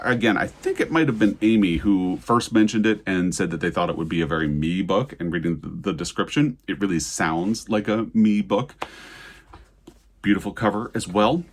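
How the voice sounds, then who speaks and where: A man with a low, slightly husky voice talks through his latest book haul in a relaxed, chatty way. He sounds eager and grateful, and his pitch rises and falls a lot as he talks. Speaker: book vlogger. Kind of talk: casual book haul talk with read-aloud excerpts.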